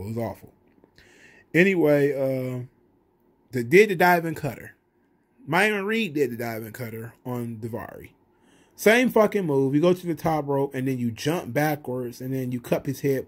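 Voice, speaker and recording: Man, casual wrestling recap, profane, rambling, mid pitch. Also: a little mellow. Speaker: wrestling review channel host.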